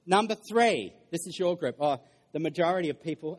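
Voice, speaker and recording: A middle-aged male pastor with a brisk, rather high voice delivers a lively, interactive sermon in a church hall. He jokes and puts questions to the congregation.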